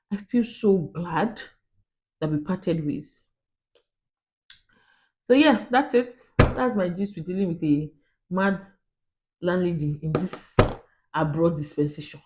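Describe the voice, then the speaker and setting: A woman vlogging, telling a story to the camera in an animated, emphatic way and acting out both sides of a conversation. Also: lowish voice.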